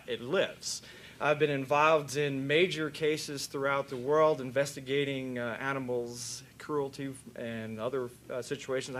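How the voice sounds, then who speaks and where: An older man, a veterinarian, giving a joking, folksy talk at a convention and telling stories with animated voices. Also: mid-range voice, slight background noise. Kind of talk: conference talk with told jokes. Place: convention hall.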